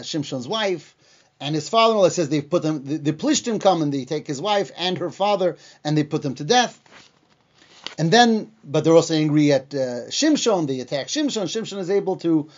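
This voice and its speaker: A man's voice: high voice, a little mellow, muffled recording. A man teaching a Bible class, retelling the story casually with many fillers and acted-out quotes. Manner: retells the story in plain words, acting out the lines with frequent fillers.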